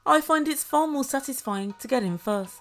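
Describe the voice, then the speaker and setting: A woman's voice: high-pitched, animated, moderate pace, soft background music. A woman giving a comedic recap of a reality show, full of dry, sarcastic asides. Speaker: show reviewer.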